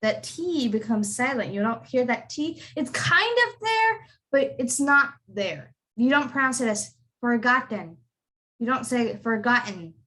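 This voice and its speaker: An accent tutor runs a lesson online through a video call, her bright voice a little high and sing-song. Speaking a little slowly with hardly any pauses, she says each word several times and asks students to repeat it.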